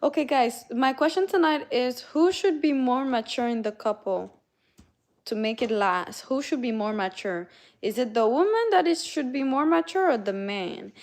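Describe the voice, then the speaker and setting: A woman's voice: sits high, lively intonation, moderate pace, a little mellow. A woman from Canada hosting a casual livestream, chatting with viewers, greeting them by name and reading out their messages. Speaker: livestream host. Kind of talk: casual live-stream chat with viewers.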